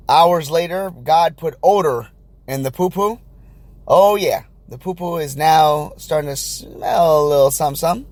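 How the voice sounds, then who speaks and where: A man's voice: on the high side, a little mellow, no echo. A man hosting a casual podcast, telling a story in a rambling, chatty way with lots of fillers and restarts, and acting out what people said. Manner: acts out the voices of people in his story. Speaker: podcast host and new father.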